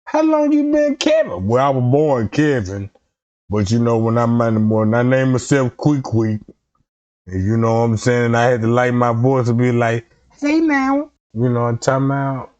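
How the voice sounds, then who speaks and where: A man's voice: mid-range voice, steady tone, moderate pace, a little mellow. A man in a casual comedic rant, profane and rambling, jumping into quoted voices, on a dull lo-fi recording.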